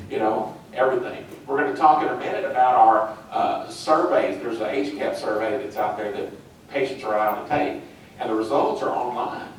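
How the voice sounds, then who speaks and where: A man's voice: mid-range voice, distant mic, slight background noise. Chatty male trainer in echoey hall. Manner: chatty, acts out little scenes with laughs. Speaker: orientation trainer. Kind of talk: casual training talk to new staff.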